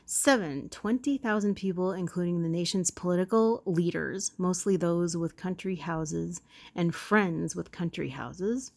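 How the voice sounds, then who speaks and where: A woman's voice: lowish voice, a little slow, creaky, darkish tone. A woman reading a history text aloud and breaking off often to react, joke and correct herself. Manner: playful, self-interrupting, reacts to the text. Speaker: video host.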